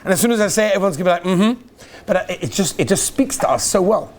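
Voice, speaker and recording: A man's voice: expressive, quick pace. A man, a rabbi, welcoming yeshiva students with parables, acting out the characters and sprinkling in Yiddish and Hebrew words. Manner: storytelling, acts out characters with big pitch swings. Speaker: rabbi giving a welcome talk. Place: yeshiva hall.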